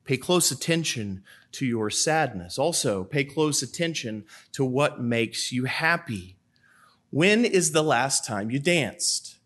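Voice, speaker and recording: A man's voice: medium pitch, expressive, slow pace, a bit bright. A man, a priest, preaching a sermon in a church, asking rhetorical questions and repeating them for emphasis.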